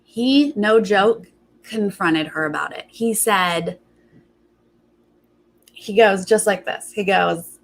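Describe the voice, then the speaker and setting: Young woman host, chatty and animated, acts out quotes and chats with viewers. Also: mid-range voice, slow, long pauses, poor audio. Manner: animated storytelling, acting out quotes, frequent "like"; chatty, greets viewers by name. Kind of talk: casual chat, live show recap.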